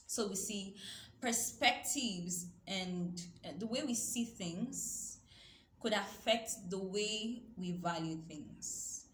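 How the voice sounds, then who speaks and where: A woman's voice: mid-range voice, sharp tone. A woman teaching a youth Bible study, earnest and repetitive, quoting scripture. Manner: earnest, repeats herself, quotes scripture. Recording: echoey room with faint noise.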